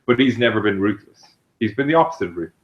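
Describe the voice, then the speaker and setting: A man in casual podcast chat, his voice low and unhurried. He works through his points thoughtfully with ums and restarts. The recording sounds dull and lo-fi. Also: expressive. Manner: thoughtful, hesitant with fillers. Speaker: podcast co-host.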